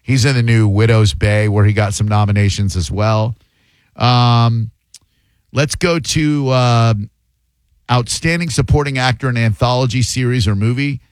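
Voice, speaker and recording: A man's voice: medium pitch, measured pace, smooth, no echo. A man hosting a podcast, chatting casually with a sarcastic, teasing manner. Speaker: podcast host. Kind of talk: casual chat.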